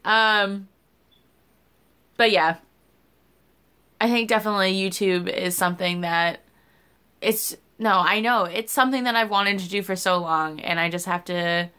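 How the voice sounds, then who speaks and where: Young woman vlogger, bright crisp voice, candid and rambling, cusses casually. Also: on the low side, steady tone, unhurried, long pauses. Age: young adult. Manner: candid, rambling, swears freely. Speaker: YouTuber. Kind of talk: casual vlog chat.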